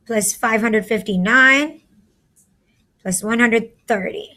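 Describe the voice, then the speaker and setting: A woman's voice: on the high side, takes it slowly, sharp tone. A woman teacher in a recorded math lesson, chatty and talking through each step aloud to her students.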